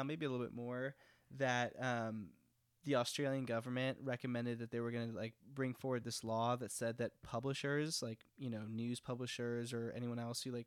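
A man's voice: medium pitch, clean tone, dry recording, studio quality. Profane, rambling podcast guy from Texas. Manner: rambling, profane, lots of fillers. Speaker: podcast co-host. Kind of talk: casual political chat.

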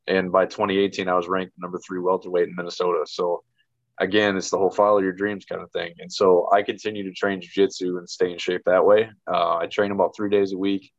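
A man's voice: sits low, flat delivery, fairly quick, dry recording, muffled recording. A man on a rowing team talking in a plain, matter-of-fact way on a podcast. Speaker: rowing team member, Air Force veteran. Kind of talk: casual podcast chat.

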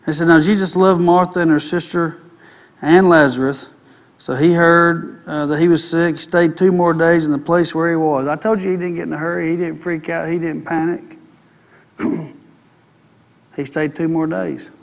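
A man preaching a sermon, reading scripture slowly and breaking off to comment, then building into loud, impassioned preaching. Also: on the high side, steady tone, creaky.

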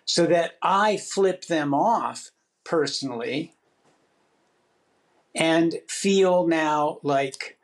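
Podcast co-host, man, slightly high voice, reflective chat. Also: extremely slow, long pauses. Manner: reflective, acts out his own inner voice. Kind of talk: casual chat.

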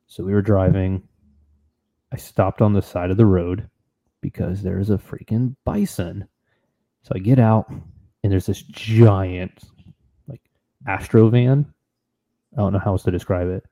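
A man with a deep, dark voice tells a story in casual conversation. He talks with animated excitement and keeps the tone relaxed and chatty. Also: measured pace, vocal fry, long pauses. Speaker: podcast co-host.

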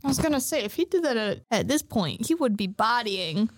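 A woman's voice: fairly high pitch, big pitch swings, brisk. A woman co-hosting a podcast in casual chat, swearing freely and acting out characters' lines as she recaps. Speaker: podcast co-host.

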